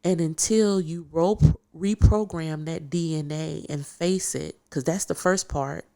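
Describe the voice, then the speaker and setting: Woman guest, lowish gravelly voice, tells her story big and emphatic, keeps repeating words for punch. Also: measured pace, dark tone. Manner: vivid, emphatic storyteller who repeats phrases for effect. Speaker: podcast guest. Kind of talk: animated personal storytelling.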